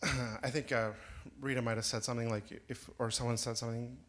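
A man's voice: medium pitch, fairly even intonation, a little fast, fairly bright tone. A man in a church sanctuary giving a personal testimony, hesitant and searching for words.

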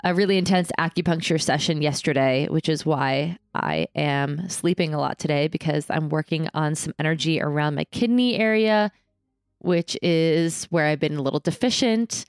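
A woman's voice: sits low, normal speed, smooth, no room sound, clean studio sound. A woman hosting a podcast, chatty and easygoing as she introduces her guest. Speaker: podcast host. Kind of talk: casual interview chat.

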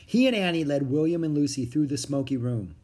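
A man reading a children's chapter book aloud, with expressive, dramatic storytelling. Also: on the high side, brisk, slightly rough. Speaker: narrator.

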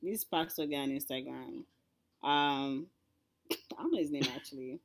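A woman's voice: sits low, normal speed, a little hiss or hum. A young woman co-hosting a casual chat, retelling gossip in a wry, sarcastic way. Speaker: podcast co-host.

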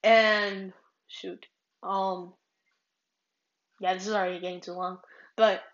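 A woman's voice: medium pitch, flat delivery, slow pace, echoey room, lo-fi sound. A woman from California hosting a casual solo podcast, rambling with many fillers and restarts. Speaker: podcast host.

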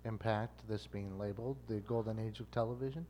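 A man's voice: lowish voice, steady tone, brisk, warm tone, slight background noise. A man co-hosting a casual podcast, questioning a claim in a mock-formal, debating way. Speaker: podcast co-host. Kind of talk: casual panel chat.

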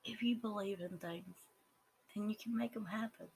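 A speaker with a Southern US accent gives an earnest, halting personal testimony, with some words dropping to a whisper. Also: medium pitch, steady tone, creaky, darkish tone, husky, low-quality recording. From Southern United States. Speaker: person sharing their life story.

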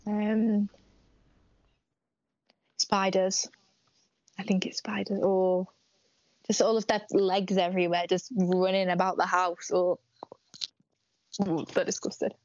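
A woman's voice: mid-range voice, level tone, slow pace, long pauses, darkish tone, no room sound. A teenage girl from the UK, a pageant winner answering questions in a casual live interview, chatty and hesitant with lots of ums and likes. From United Kingdom. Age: teens. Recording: dry, dull lo-fi stream audio.

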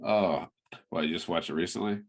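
A man co-hosting a podcast in casual chat, quick with joking comebacks and frequent laughter. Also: low voice, vocal fry. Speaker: podcast co-host.

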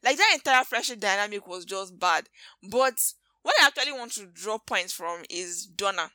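A woman with a Nigerian accent, hosting a podcast and recapping movies in an animated, gossipy way full of slangy asides. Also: medium pitch, moderate pace, no room sound. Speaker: podcast host. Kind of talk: casual movie recap chat.

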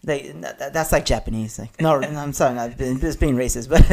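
A man's voice: medium pitch, fairly quick, a little mellow. A man hosting a casual podcast, telling rambling stories with lots of cursing and laughter. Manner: rambling storyteller, cusses freely, laughs often. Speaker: podcast host.

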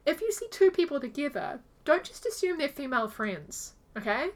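A woman's voice: high voice, normal speed. A woman co-hosting a casual podcast chat, telling stories animatedly and acting out the people she quotes. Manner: animated storytelling, acts out quoted voices. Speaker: podcast co-host.

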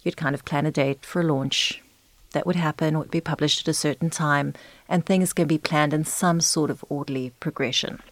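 A woman hosting a podcast, asking long, measured interview questions. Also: low voice, steady tone, dry recording. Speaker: podcast host.

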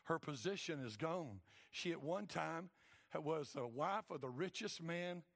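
Gravelly older preacher. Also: male voice, on the high side, animated, a little slow. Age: 60s. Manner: emphatic preaching with dramatized voices, swings between loud and hushed. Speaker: pastor. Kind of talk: sermon.

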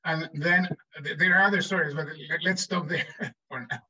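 Man in his sixties, bright forceful tone, slightly high voice, fillers and restarts, distant dull sound. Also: moderate pace, husky. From Chile. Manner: animated anecdotes with frequent fillers and restarts. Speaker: guest economist. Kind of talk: storytelling in a podcast interview.

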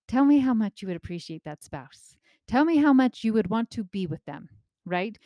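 A woman in her thirties giving casual parenting advice, lively and acting out the remarks she quotes. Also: fairly high pitch, moderate pace, no room sound, studio quality. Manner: animated, acts out quoted remarks, often asks "right?".

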